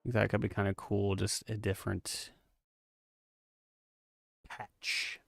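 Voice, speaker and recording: A low, gravelly man talks slowly and loosely while he composes, wandering off mid-thought and losing his place. He sounds wired on coffee yet worn out, his pitch swinging up and down. The recording is dry and close, with no room sound. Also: monotone, fairly bright tone, no echo. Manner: rambling, self-interrupting, drifts off mid-thought. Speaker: game composer streaming his work. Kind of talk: casual live-stream chat while composing.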